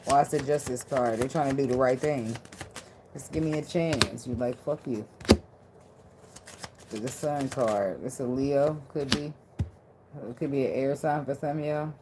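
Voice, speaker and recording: A woman's voice: a bass voice, steady tone, a little slow, pauses often, background noise. A woman giving a casual tarot reading in loose slang, blunt and profane, with a lot of laughter. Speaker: tarot reader.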